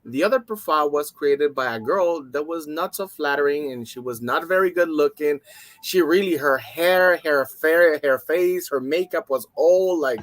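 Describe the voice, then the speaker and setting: A man's voice: on the high side, normal speed, dry recording. A man in casual panel talk, rambling and repeating words.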